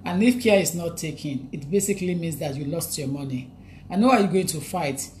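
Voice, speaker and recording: A woman's voice: fairly low pitch, brisk, a little mellow, slight background noise. A woman lawyer giving advice to viewers, talking emphatically and repeating her points to drive them home.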